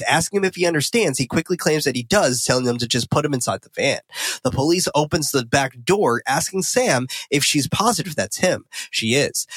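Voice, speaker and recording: A man's voice: on the high side, fairly bright tone, slightly rough, dry recording. Profane man recapping a film. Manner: loose, profane, self-correcting storytelling. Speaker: podcast co-host. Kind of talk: casual film recap and discussion.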